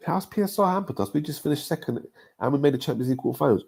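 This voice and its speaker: A man's voice: on the high side, animated, very fast, creaky, darkish tone, husky. A young man, ranting sarcastically in a casual football chat. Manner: sarcastic, mocking rant. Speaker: podcast host.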